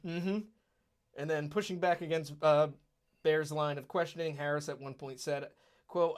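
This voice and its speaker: A man's voice: fairly high pitch, steady tone, moderate pace, clean tone. Man reading news quotes on a podcast. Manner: reads out news quotes, conversational. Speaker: podcast co-host. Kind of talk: casual political podcast chat.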